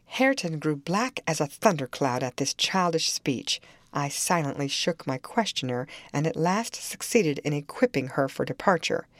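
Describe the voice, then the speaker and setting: A woman narrating a classic novel in an expressive storytelling manner. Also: sits low, moderate pace, no room sound. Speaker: audiobook narrator.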